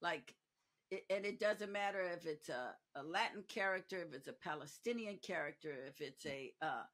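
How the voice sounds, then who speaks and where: A woman's voice: fairly low pitch, lively intonation, moderate pace, fairly bright tone. A woman hosting a podcast interview, asking conversational, admiring questions. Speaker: podcast host. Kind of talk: casual interview chat.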